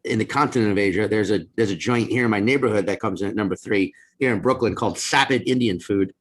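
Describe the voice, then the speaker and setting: Animated comedian guest, a man. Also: lowish voice, fast. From US South. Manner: animated, restarts a lot. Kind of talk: casual chat.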